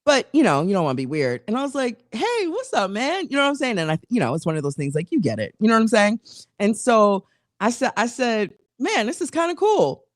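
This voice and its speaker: A woman's voice: mid-range voice, quick pace, no room sound, studio quality. A woman co-hosting a casual talk show, telling a long, rambling story full of restarts and asides. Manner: animated, rambling, restarts stories. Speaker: co-host.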